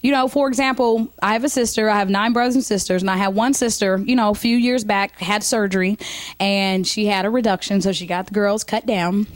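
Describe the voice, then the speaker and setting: A woman in her thirties telling comic stories to camera in a chatty, animated way with lots of fillers. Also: mid-range voice, a little fast, no echo. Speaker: comedian. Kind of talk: stand-up comedy monologue to camera.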